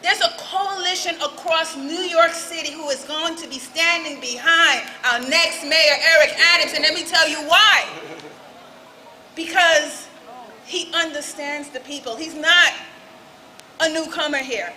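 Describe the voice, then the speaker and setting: Woman firing up a street rally, really high bright voice, faint outdoor noise. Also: measured pace, low-quality recording. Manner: rousing call-and-response with the crowd. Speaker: political speaker at a rally. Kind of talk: rally speech.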